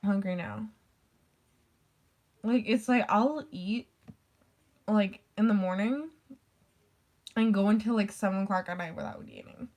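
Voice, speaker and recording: A woman's voice: mid-range voice, a little slow, pauses often, a little mellow. A woman chatting casually in a vlog, rambling with lots of "like" and casual swearing. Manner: rambling, full of "like" fillers. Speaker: vlogger. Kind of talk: casual chat.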